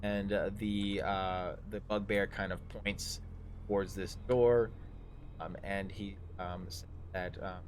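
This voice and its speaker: A low-voiced man acts as dungeon master for a tabletop game, making up the scene on the fly. His narration comes out halting and loose with little pitch movement, recorded for a livestream over a faint background noise.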